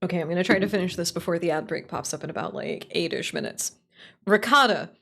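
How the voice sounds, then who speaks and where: A woman livestreams in a fairly low, a bit bright voice with vocal fry, talking fast. Playful, blunt, and opinionated, she swears heavily while chatting casually and responding to her chat.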